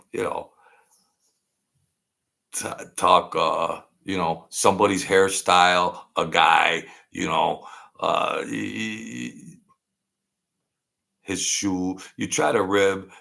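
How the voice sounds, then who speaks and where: A man telling street stories in a rambling, halting way, often stammering and acting out other people's voices. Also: deep voice, gravelly, sharp tone. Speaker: channel host telling mob stories. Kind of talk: casual storytelling monologue.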